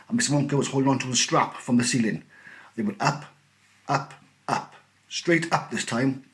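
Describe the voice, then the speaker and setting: Teacher guy reading a kids book out loud, lively and expressive. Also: mid-range voice. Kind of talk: storybook read-aloud.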